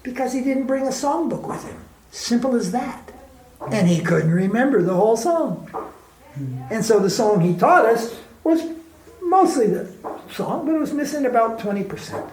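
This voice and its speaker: A man's voice: very high voice, expressive, moderate pace, a little mellow. Emphatic man asking rhetorical questions, roomy echo. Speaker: spiritual teacher being interviewed. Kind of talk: candid conversational storytelling.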